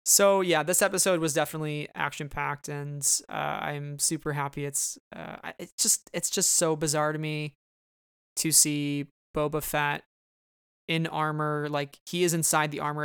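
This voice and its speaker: Animated host, smooth voice, dry close sound, casual chat. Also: medium pitch, normal speed, no echo. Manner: animated, quotes scenes in voices. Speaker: podcast host.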